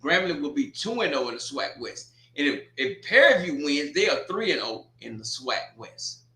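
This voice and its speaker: A man's voice: a little high, very animated, normal speed, pushed and bright, reverberant. A man hosting a watch party, running through scores with blunt, teasing trash talk. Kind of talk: casual score rundown and commentary.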